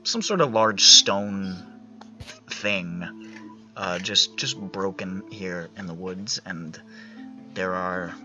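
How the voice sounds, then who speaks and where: A man narrating a tabletop game as game master over voice chat, halting and searching for words as he describes the scene. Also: low-pitched, pushed and bright, dull audio, soft background music.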